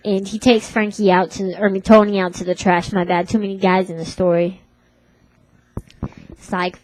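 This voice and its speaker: A woman's voice: mid-range voice, flat delivery, moderate pace, pauses often, a little mellow, no room sound, rough recording. A woman in her twenties telling a comic story in a put-on Brooklyn accent, rambling and tough-talking. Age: 20s.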